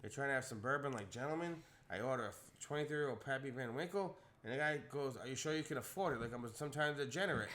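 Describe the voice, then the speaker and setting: Bright-voiced man telling a bar story. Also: mid-range voice, fast talker, hardly any pauses. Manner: animated, acts out quotes in a rising voice. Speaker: podcast co-host telling a story. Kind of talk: casual storytelling chat.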